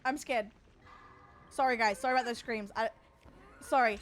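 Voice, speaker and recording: A young woman streaming a game, chatty and excitable, breaking into frightened screams. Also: on the high side, moderate pace, over music. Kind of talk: casual live-stream chat while gaming.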